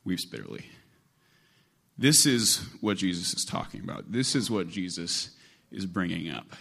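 A male preacher delivers a sermon in a relaxed, conversational way. His voice sits on the low side. He repeats phrases and stacks them to build his point. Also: normal speed, creaky, slightly rough. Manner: conversational, repetitive, building emphasis.

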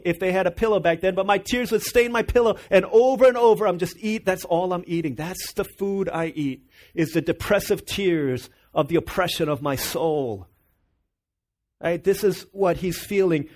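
A man's voice: high voice, moderate pace, a little mellow. A man preaching a sermon, earnest and emphatic, asking the congregation rhetorical questions. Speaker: pastor.

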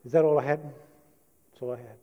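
A man's voice: mid-range voice, fairly even intonation, moderate pace, muffled recording. A man preaching a sermon with enthusiasm, telling a Bible story with casual asides and quoted lines. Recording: long hall reverb.

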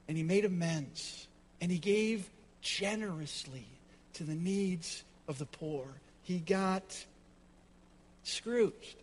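A man's voice: sits high, slow, a little mellow, in a large hall. A man preaching a sermon as pastor, dramatic and emphatic with repetition, in a church.

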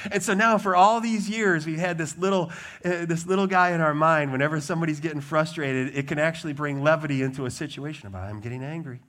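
A man's voice: quick pace, a little hiss or hum. Emphatic male pastor preaching. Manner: emphatic, lively pitch swings, blunt asides. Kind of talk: sermon.

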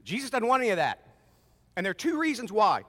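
A man preaching a sermon in a high, bright, forceful voice that swings widely in pitch. He talks conversationally and acts out voices, and the long reverb of a large church hall hangs behind him. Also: wildly swooping pitch, fast. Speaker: pastor.

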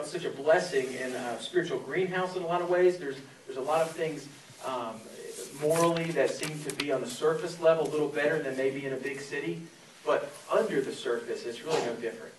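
A man's voice: on the high side, fairly quick, slight background noise. A man in his forties from Florida, preaching a sermon as a pastor in a conversational storytelling way with many fillers. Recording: echoey room from a distance.

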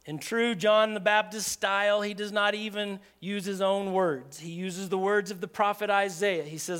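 A pastor preaches to his congregation in a high, smooth, clear voice. He talks in an easygoing, conversational way and checks in with his listeners. He acts out the people he quotes with dramatic shifts in his voice. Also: steady tone, moderate pace, hardly any pauses, fairly bright tone. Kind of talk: sermon.

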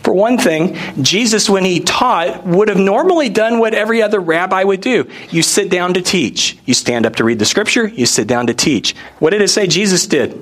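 A male pastor delivering a sermon with a slightly high voice. He talks like he is telling a story to friends, loose and conversational, and keeps throwing rhetorical questions at his listeners. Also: a bit bright.

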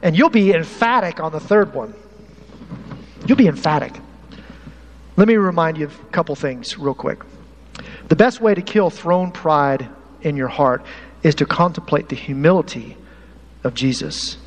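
A man preaching a lively sermon to his congregation as pastor, animated and talking straight to the people in the pews. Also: fairly high pitch. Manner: animated, uses props, talks to the congregation. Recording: hall reverb, faint room noise.

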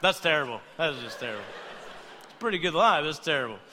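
A man preaching a humorous sermon, playful and animated, acting out quoted voices as he goes. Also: a little high, quick pace, long reverb tail, noisy background. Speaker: pastor.

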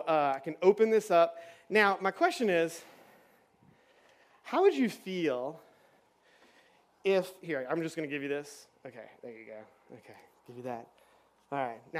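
A man leading a children's church session on stage, playful and chatty with lots of fillers. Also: sits high. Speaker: children's pastor. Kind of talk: lively children's church talk. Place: church stage with kids and adults.

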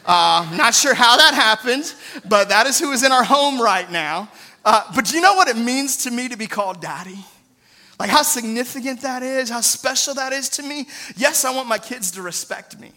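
A man's voice: very high-pitched, animated, normal speed, sharp tone. A man in his thirties preaching a sermon in an earnest, conversational way, often adding "right?" asides. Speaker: pastor.

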